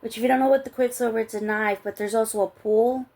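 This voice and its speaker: This book vlogger's voice sits on the high side, with a steady, somewhat dark tone, and she talks fast. Worn out and chatting casually late at night, she reviews a book in a rambling, giggly way, trailing off and restarting.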